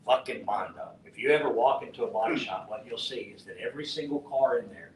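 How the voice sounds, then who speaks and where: Profane man telling a story. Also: fast. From West Texas. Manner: profane, animated storyteller acting out dialogue. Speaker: conference speaker. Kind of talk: storytelling talk to an audience. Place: conference hall. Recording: roomy, distant mic with faint rumble.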